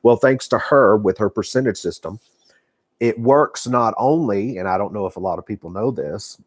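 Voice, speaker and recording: Texan man, folksy rambling live-stream host, lowish pitch, dry close sound. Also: moderate pace, no echo. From Texas. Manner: rambling, folksy, many fillers and restarts. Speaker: knitting vlogger. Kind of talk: casual live-stream chat. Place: home living room.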